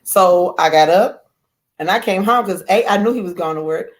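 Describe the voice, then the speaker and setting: A woman guest telling a lively personal story in casual chat, acting out quoted lines. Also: lowish voice, moderate pace. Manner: animated, acts out quoted voices. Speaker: guest author.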